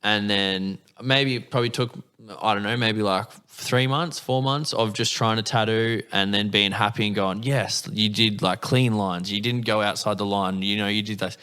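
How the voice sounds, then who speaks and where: An Australian man in his younger years yarns through a relaxed interview, quoting people in an animated way and swearing often. His voice sits on the low side and comes across smooth and clear. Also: normal speed, hardly any pauses. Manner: swears freely, animated anecdotes with acted quotes. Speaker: guest. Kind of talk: casual storytelling interview.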